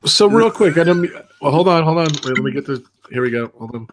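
A man's voice: fairly high pitch, lively intonation, fairly quick, slight background noise. Upbeat man hosting a chat. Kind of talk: casual chat.

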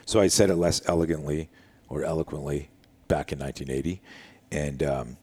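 An older man with an extremely deep, husky voice recounts a story from his years as a self-defense instructor. He talks casually and with energy, acting out what people said. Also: fairly quick. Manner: animated, acts out quoted dialogue, casual with frequent "dude" and "like". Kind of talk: storytelling in an interview.

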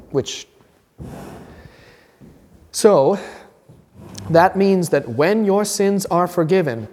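A man's voice: fairly high pitch, a little mellow. A man teaching as a pastor in a conversational, informal sermon, acting out little voices in his examples. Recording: reverberant hall.

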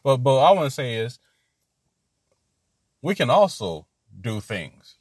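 A man's voice: medium pitch, sing-song, measured pace, darkish tone, breathy edge, dry recording, clean studio sound. A man teaching an informal Bible lesson, rambling and repeating himself, laughing at his own asides.

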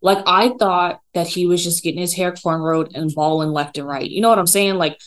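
A woman hosting a casual solo podcast from her dining room table, telling a story in a rambling, animated way with lots of fillers. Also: fairly low pitch, fairly quick, poor audio. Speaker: podcast host. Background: dog running around.

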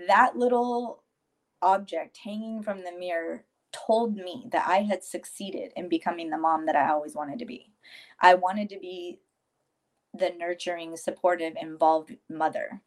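Mother telling an emotional story. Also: on the low side. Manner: tearful yet steady, quotes others in lively voices. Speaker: guest, grieving mother.

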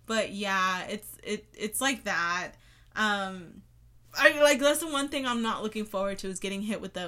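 A woman in her twenties co-hosting a casual podcast, animated and quick to swear. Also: mid-range voice. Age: 20s. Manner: swears freely, fast and animated. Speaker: podcast co-host.

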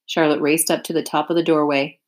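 A woman teacher reading a children's chapter book aloud with clear, expressive narration. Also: deep voice, fairly quick. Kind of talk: storybook read-aloud.

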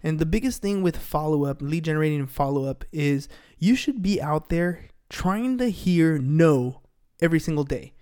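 A man's voice: on the high side, animated, normal speed, few pauses, darkish tone, smooth. A man in his thirties hosting a business podcast, talking energetically and motivationally, often tagging lines with "right?". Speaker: podcast host and sales coach. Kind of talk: casual podcast chat.

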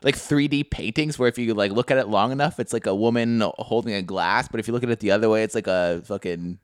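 A man co-hosting a podcast, telling profane stories in animated casual chat. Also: lowish voice, fast talker, clear, resonant tone, dry recording, studio quality. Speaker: podcast co-host.

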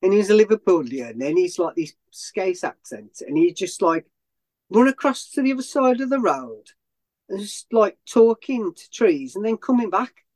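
A man's voice: high voice, big pitch swings, moderate pace, a little mellow. A man, a runner being interviewed, who tells a long story in a rambling way with many restarts and self-corrections. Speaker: ultrarunner guest.

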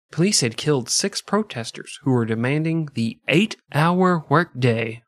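A man hosting a podcast, telling a history story casually, with sarcastic, profane, deadpan jokes. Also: on the high side, dry recording, clean studio sound. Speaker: podcast host.

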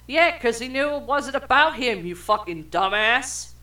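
Young adult co-host, slow and bright, reads trivia with cursing and stumbles. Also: medium pitch, lively intonation. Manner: profane, stumbles over words while reading. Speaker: podcast co-host reading trivia. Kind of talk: casual chat reading film trivia aloud.

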